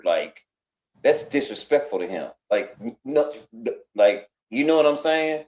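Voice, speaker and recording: Guest storyteller, male, middle pitch, lively and chatty, voices other characters, roomy reverb. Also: moderate pace. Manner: animated, acts out other people's lines in changed voices. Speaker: guest on a live talk stream. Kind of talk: casual storytelling. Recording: roomy echo.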